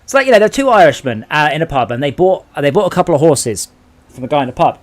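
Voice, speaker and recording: A man's voice: fairly high pitch, quick pace. A man hosting a late-night gaming stream, rambling and telling jokes in casual chat. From England. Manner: rambling, animated storyteller. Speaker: streamer host.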